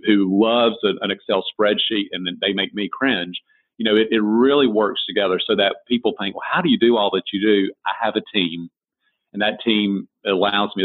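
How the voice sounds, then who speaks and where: A man with a Southern American accent, a designer and author answering interview questions in a folksy, storytelling way. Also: on the low side. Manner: folksy storyteller, frequent restarts. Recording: tinny phone-like line.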